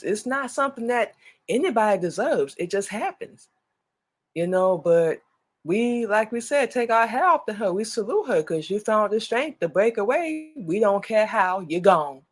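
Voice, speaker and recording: A woman hosting a radio talk show, speaking earnestly in a casual monologue and repeating herself as she makes her point. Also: mid-range voice.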